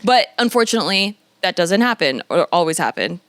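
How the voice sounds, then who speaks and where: A woman's voice: on the low side, lively intonation, brisk, no echo. Frank woman in dry casual chat. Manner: frank, argues points out loud.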